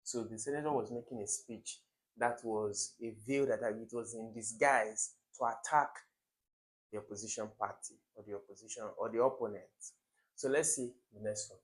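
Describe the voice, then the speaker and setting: A man's voice: mid-range voice, a bit bright, rough recording. A man with a Nigerian English accent, an exam tutor talking through test questions, explaining step by step, repeating key words, and chuckling at wrong answers. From Africa.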